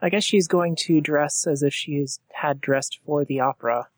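A woman's voice: low-pitched, moderate pace, dry recording. Dry-humored woman gamer. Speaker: tabletop game player. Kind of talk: casual game chat.

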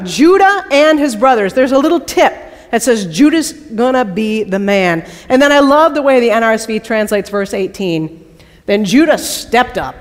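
A woman preacher giving a sermon, telling the story with playful asides and quizzing her listeners. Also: mid-range voice. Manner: lively storytelling, playful asides and questions to the audience. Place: large worship hall. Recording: long hall reverb.

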